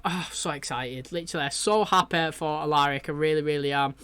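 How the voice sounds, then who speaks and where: Excitable man chatting in a dry room. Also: fairly high pitch, brisk, few pauses, clear, resonant tone, no echo. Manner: rambling and excitable, lots of fillers and "you know". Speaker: reaction video host. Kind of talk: casual chat reacting to a TV episode.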